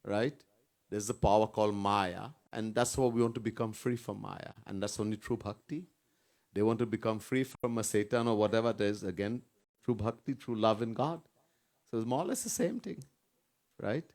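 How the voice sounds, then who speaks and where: A man's voice: on the low side, normal speed, a little mellow. A man, a swami giving an informal sermon at a retreat, chatting, repeating himself and often asking "right?". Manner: conversational, repeats words, asks "right?" often, chuckles. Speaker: swami leading a spiritual retreat.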